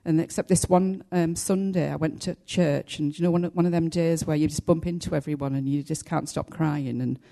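An older woman shares a testimony before her church, pausing often and filling gaps as she goes. Her voice sits very low and has a mellow, soft-edged tone. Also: fairly even intonation, creaky. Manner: halting and heartfelt, many pauses and fillers. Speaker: church member giving testimony. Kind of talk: personal testimony to a congregation.

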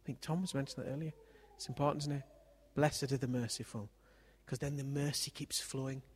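A man's voice: medium pitch, fairly even intonation, fairly quick, a little hiss or hum. A man preaching in a church service, telling a family story in a chatty way and often ending on tag questions. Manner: conversational, leans on tag questions.

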